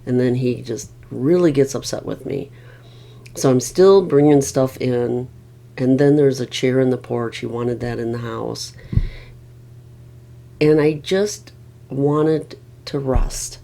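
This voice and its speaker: Tired middle-aged vlogger rambling on, mellow voice with a rough edge. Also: mid-range voice, slow pace, long pauses. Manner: rambling, weary, with restarts. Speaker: family caregiver. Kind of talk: casual rambling vlog.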